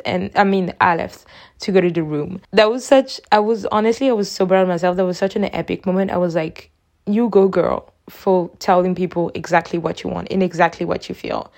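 On her podcast, a young female host reminisces in a chatty, thoughtful way, leaning heavily on "like." She speaks on the low side, with a slightly mellow quality.

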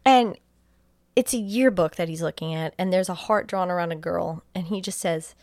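A woman co-hosting a casual podcast, retelling a movie plot in a giggly, animated way and swearing casually. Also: lowish voice, moderate pace, no room sound, clean studio sound. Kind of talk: casual chat.

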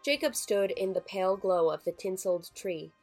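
A woman narrating a scripted horror story in a measured, somber way. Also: medium pitch, darkish tone, faint music behind. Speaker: story reader.

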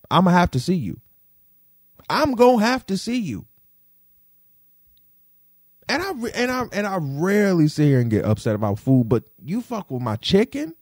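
A young man venting to the camera in a vlog, indignant and profane, repeating himself and swinging between low grumbles and sharp high outbursts. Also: dry recording, studio quality. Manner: indignant, profane, repetitive rant with big pitch swings.

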